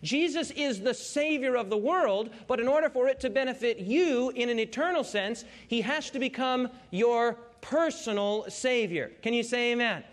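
High-voiced man preaching to a congregation. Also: normal speed, few pauses. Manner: call-and-response, prompting the congregation to answer; emphatic, repeats key phrases. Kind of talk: Bible study sermon.

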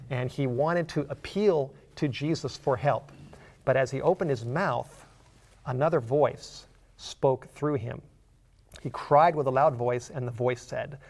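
A man's voice: medium pitch, creaky. A middle-aged man preaching a sermon, reading scripture aloud and explaining it in a conversational way, with fillers and repeated words.

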